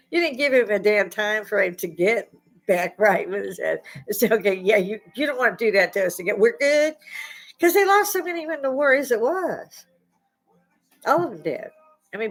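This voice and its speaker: This is a woman in her sixties from the United States, venting in a blunt, profane opinion rant that keeps swelling into outbursts. Her voice sits at an ordinary middle pitch. Faint music plays quietly behind her. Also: rough recording. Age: 60s. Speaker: vlogger. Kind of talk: ranting opinion monologue.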